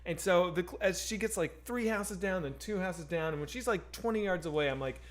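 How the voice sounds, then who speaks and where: A man co-hosting a streamed chat, telling a story in an excitable way and swearing often. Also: fairly high pitch, fairly quick, few pauses. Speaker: stream co-host.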